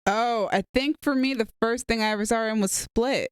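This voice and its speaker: A man's voice: extremely high pitch, fairly quick, smooth, no echo, clean studio sound. A man co-hosting a movie review podcast, chatting casually and enthusiastically, rambling with fillers. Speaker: podcast co-host.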